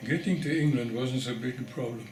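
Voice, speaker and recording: An older man from the Netherlands giving an oral history testimony, telling his story in a measured way and pausing for weight. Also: medium pitch, reverberant, a little hiss or hum. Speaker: interviewee.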